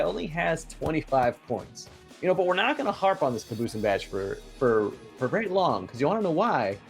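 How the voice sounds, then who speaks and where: A man co-hosting a bracket pool recap, joking around in casual sports banter. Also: on the high side. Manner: animated, jokey, quick asides.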